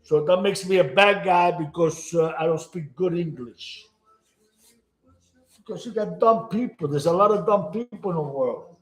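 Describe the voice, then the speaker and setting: A man's voice: sits high, normal speed, echoey room. A man with an Italian accent, chatting casually and rambling in broken English while he cooks at home. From Italy. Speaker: home cooking show host. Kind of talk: casual cooking chat to camera.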